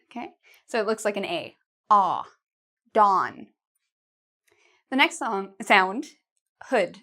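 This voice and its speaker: A woman's voice: medium pitch, expressive, a bit bright. A woman teaching an English pronunciation lesson to camera, patiently modelling vowel sounds and words for learners to repeat. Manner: patient, slow, models sounds with exaggerated mouth shapes.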